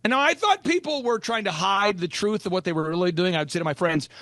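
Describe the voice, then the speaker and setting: A high-pitched man races through his stories as a podcast host, animated and playful, often putting on folksy voices. His voice is dry and close, with no room sound. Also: quick pace, dry recording. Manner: animated storyteller, acts out folksy quotes. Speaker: host and business coach. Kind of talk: energetic podcast talk with playful impressions.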